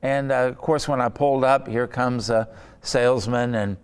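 A man preaching a sermon in a relaxed, conversational teaching style, weaving in personal stories. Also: mid-range voice, normal speed, clear, resonant tone. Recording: long hall reverb.

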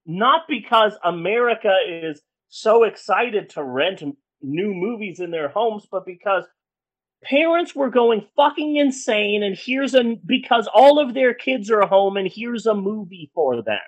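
A woman's voice: mid-range voice, animated, measured pace, rough recording. A woman co-hosting a podcast, ranting angrily with lots of swearing in casual chat. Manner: angry, profane ranting. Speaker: podcast co-host.

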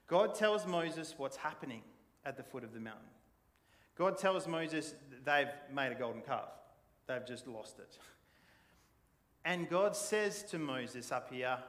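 A man preaching a sermon, telling the story in a casual, animated way and acting out the people in it. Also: medium pitch. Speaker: pastor. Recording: long church hall reverb.

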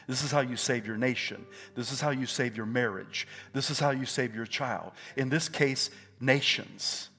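A man preaching a sermon, telling scripture stories with animated swings between hushed and loud delivery. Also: mid-range voice, moderate pace, hardly any pauses, slightly rough.

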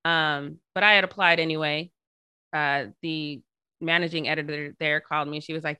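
A woman with a bright, forceful low voice tells her story in a casual interview. She is animated and acts out the people she quotes. The sound is dry and close. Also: normal speed, smooth, no echo. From Colorado. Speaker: journalist guest.

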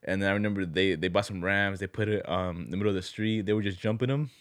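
Young dude with a lowish voice rambling a story, lots of slang, dry close sound. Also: male voice, fairly even intonation, quick pace, no echo. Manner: loose slangy storytelling, repeats words, teasing. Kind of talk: casual chat.

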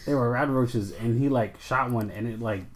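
A young man in casual chat about video games. He tells his stories with animated energy and swears freely. His voice sits at an ordinary middle pitch. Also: moderate pace, slight background noise. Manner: profane, animated storyteller. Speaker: podcast co-host.

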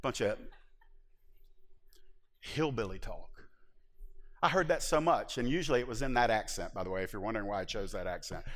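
A man's voice: on the low side, rapid-fire, hardly any pauses, fairly bright tone. A man from the Southern US preaching a sermon as pastor, earnest and emphatic. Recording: long hall reverb.

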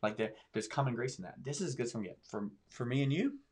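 A man's voice: medium pitch, expressive, fast talker, darkish tone, husky. A man talking as a pastor in a podcast discussion, preaching with emphatic swings in his voice. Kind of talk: sermon-style podcast discussion.

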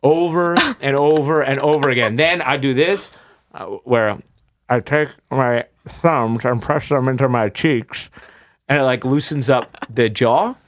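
A man's voice: mid-range voice, measured pace, dry recording. A young man who does sports play-by-play, chatting on a podcast in a rambling, self-deprecating way. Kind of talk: casual podcast chat.

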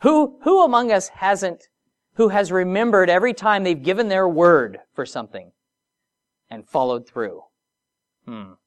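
A preacher gives a sermon with big pitch swings in a mid-range voice. Hushed, drawn-out passages alternate with emphatic rises, punctuated by informal asides and rhetorical questions.

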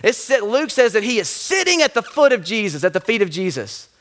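Bright high-voiced male pastor preaching. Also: a little fast. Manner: animated, swings from loud to hushed. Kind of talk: sermon.

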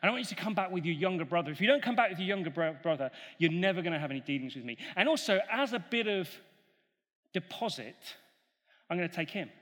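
A high-pitched man preaches a sermon, telling the story with lively energy and slipping into voices for each character. His voice rings out with the long reverb of a big hall. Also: fast talker. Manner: animated, acts out the characters' voices.

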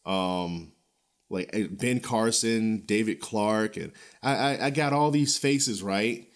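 A man hosting a podcast, ranting in a blunt, profane, animated way with frequent chuckles and a loose, rambling delivery full of restarts. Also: fairly low pitch, slow. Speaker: podcast host. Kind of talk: casual ranting podcast commentary.

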